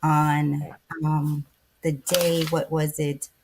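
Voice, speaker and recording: An older woman co-hosting a casual podcast, chatty and reflective, often pausing and correcting herself. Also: low voice, flat delivery, a little mellow, a little hiss or hum. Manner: chatty and reflective, many fillers and self-corrections. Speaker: podcast co-host.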